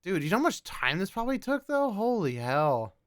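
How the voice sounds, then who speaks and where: A man co-hosting a podcast, chatting casually and reading posts aloud with excited exclamations. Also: high voice, a little fast, smooth. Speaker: podcast co-host. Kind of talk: casual chat reacting to posts.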